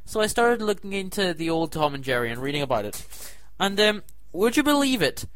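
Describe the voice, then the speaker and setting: High, bright man in a comic rant. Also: big pitch swings, a little fast. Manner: exasperated, incredulous ranting with sudden loud outbursts. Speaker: comedy show host.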